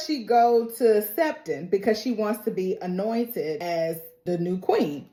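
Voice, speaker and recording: A young woman hosting a casual TV recap, telling the story in lively, slangy speech, laughing often and acting out characters' lines. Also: medium pitch, unhurried, hardly any pauses, reverberant. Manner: acts out characters' lines in quoted voices. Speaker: TV recap host.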